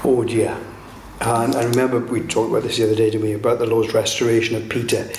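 A man's voice: mid-range voice, little pitch movement, background noise. Guy preaching a sermon, keeps restarting his sentences, lots of "isn't it?", echoey room. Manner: halting, many restarts and tag questions.

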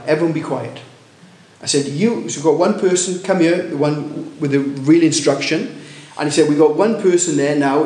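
A man preaching a sermon, telling a story with many restarts and rising excitement at its loud moments. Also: fairly high pitch, echoey room. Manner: halting, many restarts, rises when telling of shouting.

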